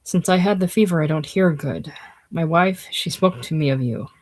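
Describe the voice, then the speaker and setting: A casual audiobook reader voicing a poor German immigrant father who is hard of hearing, in a put-on German accent and a blunt, hurried manner. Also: mid-range voice, natural voice. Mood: anxious.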